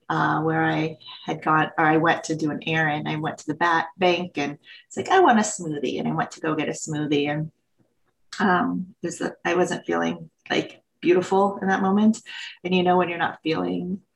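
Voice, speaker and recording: A woman's voice: deep voice, flat delivery, normal speed, creaky, rough recording. A woman guest on a podcast, candidly sharing a personal story with emotion and acted-out quotes. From United States.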